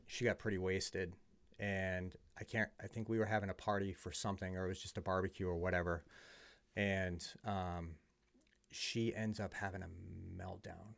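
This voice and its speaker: Middle-aged man, from the US, gravelly fry, low voice, candid conversational storyteller. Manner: candid, conversational, drops to a hush at emotional moments. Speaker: podcast guest. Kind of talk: casual storytelling.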